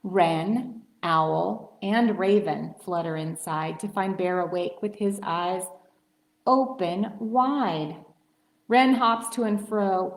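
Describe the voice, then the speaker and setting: A woman librarian reading a picture book aloud to children, slow and expressive. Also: medium pitch. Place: library story time room. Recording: roomy library room.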